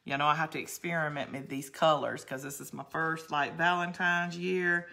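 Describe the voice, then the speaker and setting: A chatty woman hosts a live crafting stream, rambling cheerfully through her steps and poking fun at herself. Her voice sits a little low but comes across bright and forward, with a homey, talkative pace. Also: steady tone, normal speed, gravelly. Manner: chatty, rambling, self-deprecating, reads viewer comments aloud. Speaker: craft video host. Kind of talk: live-stream craft tutorial with chat reading.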